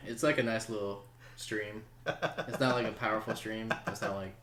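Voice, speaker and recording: A man's voice: fairly low pitch, moderate pace, fairly bright tone, slight background noise. A young man co-hosting a podcast, cracking crude jokes in casual chat. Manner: joking, crude humor. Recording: roomy echo.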